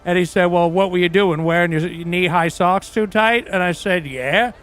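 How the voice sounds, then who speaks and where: In a role-play livestream, a man plays a crude, boastful aging rock singer who tells rambling, profane stories. His voice is high and fairly bright, at a moderate pace.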